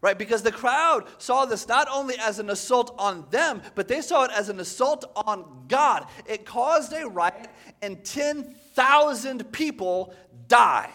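Male pastor, high-pitched voice, animated conversational sermon delivery. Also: measured pace. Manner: animated, conversational, frequent "right?" asides.

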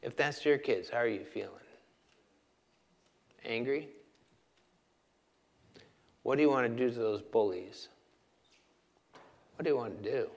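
A man preaching a sermon, asking the listeners questions and swinging from loud emphasis to hushed, quiet lines. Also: mid-range voice, a little slow, long pauses. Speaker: pastor.

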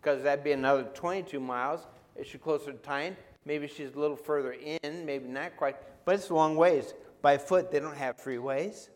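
A man's voice: fairly high pitch, normal speed, few pauses, in a large hall. A man preaching a sermon in a conversational way, often asking his listeners questions. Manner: conversational, asks the audience questions. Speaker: pastor.

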